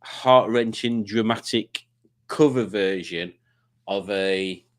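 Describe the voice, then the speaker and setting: A man's voice: on the low side, takes it slowly. A man hosting a live quiz stream, chatting casually and teasing, with many stumbling restarts. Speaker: livestream host. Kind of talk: casual chat reading comments.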